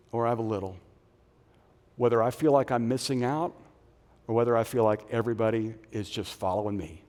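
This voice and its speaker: A middle-aged man preaching a sermon as a pastor, animated, moving between loud punchy lines and soft low phrases. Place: church auditorium. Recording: long reverb of a large hall.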